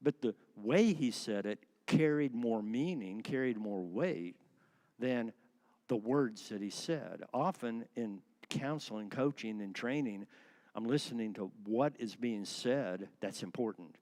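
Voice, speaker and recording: A man in his sixties giving a lively church class talk, acting out voices and laughing often. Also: medium pitch, unhurried. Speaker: church speaker on marriage.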